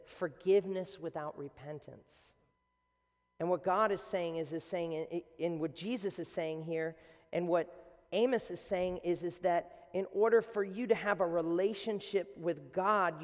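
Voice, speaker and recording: A man preaching a sermon as a pastor, animated and swinging between quiet and loud. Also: on the high side. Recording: long hall reverb.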